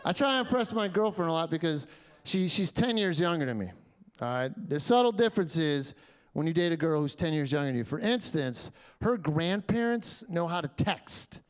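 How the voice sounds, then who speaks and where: A male stand-up comedian on a club stage, telling stories in an animated way with voiced act-outs. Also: fairly high pitch, normal speed, clear, resonant tone.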